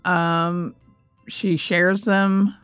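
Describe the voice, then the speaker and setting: A chatty woman co-hosting a casual podcast, quick to laugh and drawing out words when she wants to stress them. Her voice is dry and close, with faint music underneath. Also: lowish voice, flat delivery, clear, resonant tone, no echo, highs cut off. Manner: chatty, laughs often, slows down for emphasis. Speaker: podcast co-host. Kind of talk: casual chat.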